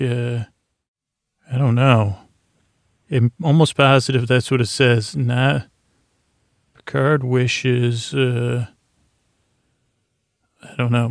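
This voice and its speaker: A man with a gravelly, fry-filled voice meanders through a sleepy retelling, his pitch barely rising or falling. He paraphrases loosely and loses his place often. The close mic sounds dry and intimate. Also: dry recording. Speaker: podcast host. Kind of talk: rambling sleep-story recap.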